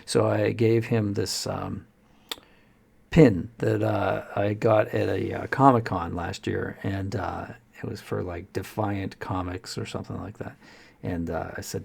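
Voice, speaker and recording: A man who runs tabletop games, explaining in a rambling, halting way with plenty of fillers. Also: fairly low pitch, flat delivery, vocal fry, a little mellow, slightly rough. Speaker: dungeon master. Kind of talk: casual explanatory talk.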